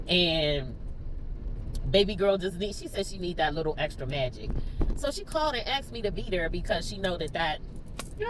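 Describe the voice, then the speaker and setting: A young woman with a Philadelphia accent tells her story straight into her phone, close to tears the whole time. Her voice rises and falls widely as she talks. Faint noise hums under the recording. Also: lowish voice. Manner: tearful, expressive, talks straight to viewers. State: near tears. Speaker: teacher. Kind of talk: emotional storytime vlog. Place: in a car.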